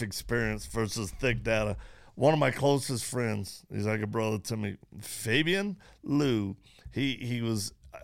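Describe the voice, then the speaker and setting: A man hosting a podcast interview, telling stories in quick animated bursts and laughing as he goes. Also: mid-range voice, creaky. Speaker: podcast host. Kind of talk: casual interview chat.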